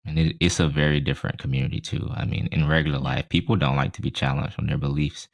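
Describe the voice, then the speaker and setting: A man's voice: extremely low pitch, level tone, quick pace, gravelly. A man co-hosting a podcast, chatting in an easygoing, reflective way. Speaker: podcast co-host. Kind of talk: casual podcast chat.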